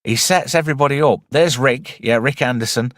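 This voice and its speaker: A man's voice: medium pitch, a little fast, dry recording. Wry man, dry close sound. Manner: chatty and wry, rambling with asides. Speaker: host of a live movie review stream. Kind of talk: casual live-stream film commentary.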